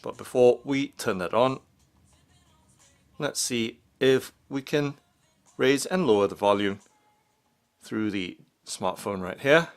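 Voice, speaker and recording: A man narrating an unboxing and demonstration step by step, in a slow and methodical way. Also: medium pitch, soft background music. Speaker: product reviewer.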